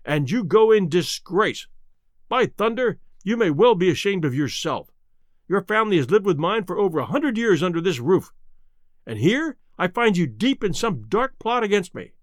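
A man's voice: sits high, very animated, moderate pace, no room sound. Male narrator as a commanding baronet, stern and demanding, audiobook; dry close sound.

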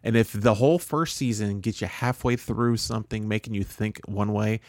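A man's voice: fairly low pitch, steady tone, moderate pace, dry recording. A man co-hosting a podcast, talking in a casual, rambling and blunt way with jokes and restarts. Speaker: podcast co-host. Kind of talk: casual chat.

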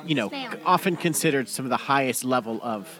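A man's voice: mid-range voice, expressive, fairly quick, fairly bright tone. A man on a podcast panel, rambling and searching for words in casual banter.

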